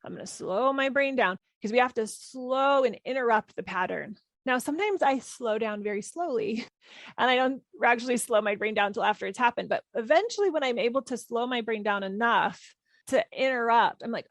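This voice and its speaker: A woman in her thirties hosting a parenting podcast, talking calmly and reflectively, gently repeating key phrases. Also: a little high, brisk, no echo. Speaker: parenting coach and podcast host. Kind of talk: reflective solo podcast talk.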